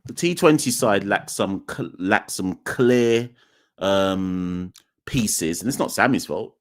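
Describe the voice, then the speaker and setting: A man's voice: fairly low pitch, expressive, slow. A man hosting a live cricket podcast, talking emphatically, repeating his points and speaking straight to the chat. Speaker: podcast host. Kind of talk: live-streamed call-in commentary.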